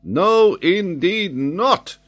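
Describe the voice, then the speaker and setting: A man voicing an excitable, impetuous French scholar in an audiobook, speaking vehemently and emphatically. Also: medium pitch, a little slow. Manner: vehement, emphatic, eager to astonish.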